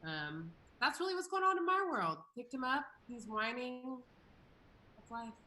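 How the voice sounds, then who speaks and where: A woman comedian chatting casually as a show guest, with dry deadpan jokes. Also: fairly high pitch, unhurried, a little hiss or hum, low-quality recording.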